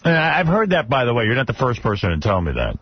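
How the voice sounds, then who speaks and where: A man hosting a radio talk show, brisk and skeptical as he steers the conversation. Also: medium pitch, wildly swooping pitch, husky, dry recording. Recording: dull lo-fi radio broadcast.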